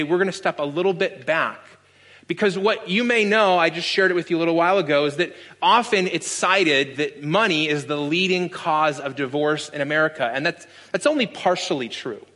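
A man's voice: fairly high pitch, sharp tone. A man in his thirties, a pastor preaching a sermon, telling stories earnestly with flashes of dry sarcasm.

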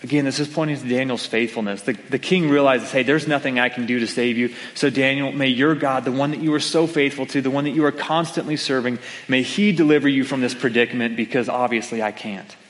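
A man preaching from a pulpit, telling his story and the scripture in an easy, conversational way. His voice sits at an ordinary middle pitch. A long reverb trails after his words in a large church hall. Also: fairly even intonation, brisk, few pauses. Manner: conversational storytelling with acted-out quotes. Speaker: pastor. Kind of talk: sermon.

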